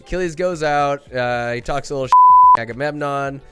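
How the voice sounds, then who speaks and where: A man's voice: a little high, huge pitch swings, normal speed, music in the background. A young man hosting a podcast, rambling enthusiastically through a comedic movie recap with crude jokes. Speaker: podcast host.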